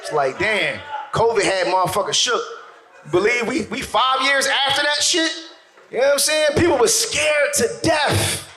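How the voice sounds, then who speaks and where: A man performs stand-up comedy in a roomy, echoing venue. His voice sits high and sounds bright and cutting. He tells his stories loudly and with lots of energy, acting out other people's voices along the way. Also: moderate pace. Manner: loud, animated storytelling with acted-out voices. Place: stage in a venue with audience.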